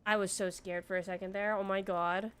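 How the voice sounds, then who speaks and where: A young woman giving casual commentary while she plays an online game. She is excitable, swears freely and thinks aloud as she goes. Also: mid-range voice, a little fast, clean tone. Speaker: streamer playing an online game.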